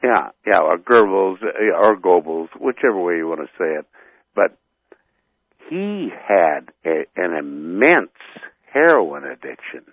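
A man from North Dakota calls in to a radio show over a thin, phone-like line. His low voice swings widely and moves slowly. He rants heatedly and often stalls to search for words. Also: sing-song, slightly rough, dry recording. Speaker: radio caller. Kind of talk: phone-in rant.

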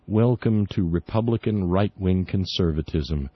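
A man's voice: low voice, normal speed, hardly any pauses, husky, no echo. A man hosting a talk radio show, delivering opinionated political commentary in an indignant, sarcastic manner with frequent stumbles and restarts. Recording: dull lo-fi dry recording.

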